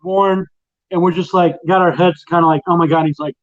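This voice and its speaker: A man's voice: sits high, steady tone, brisk, dull audio. A middle-aged man hosting a casual late-night chat and telling a long, rambling story. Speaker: host.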